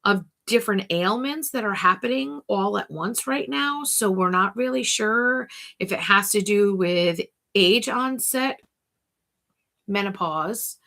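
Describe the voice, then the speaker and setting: A woman's voice: medium pitch, fairly bright tone. A middle-aged woman hosting a casual talk to camera, chatty and thinking aloud, talking to herself by name. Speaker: host.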